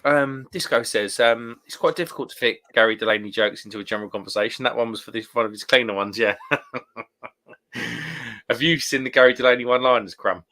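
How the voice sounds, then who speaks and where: A man's voice: mid-range voice, fast, bright, forceful tone. A man hosting a casual beer live stream, chatting, reading out viewer comments and calling people mate. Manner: chatty, laughs often, calls people mate.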